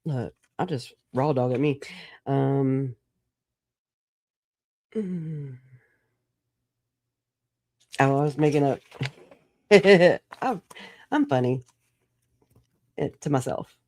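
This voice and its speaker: A woman's voice: extremely low pitch, expressive, very slow, pauses often, a little mellow, no room sound, studio quality. A woman hosting a casual solo livestream, rambling through stories, swearing and laughing often. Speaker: livestream host.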